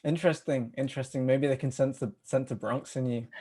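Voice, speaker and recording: A man's voice: medium pitch, steady tone, brisk, a little mellow. A British man hosting a casual online interview, teasing and chuckling as he talks over a video call. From Britain. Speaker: host.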